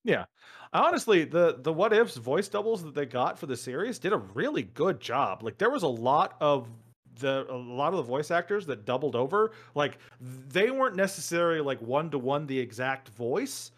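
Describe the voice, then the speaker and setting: Brief: enthusiastic male podcast co-host, higher-pitched, rambly and filler-heavy. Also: sing-song, moderate pace, a bit bright. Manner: eager, rambling with many "like"s. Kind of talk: casual chat.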